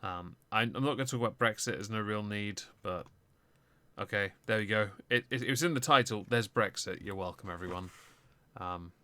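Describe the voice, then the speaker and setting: A man's voice: fairly low pitch, brisk, bright, forceful tone, dry recording. A man hosting a casual political livestream, with a dry, teasing manner. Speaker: stream host.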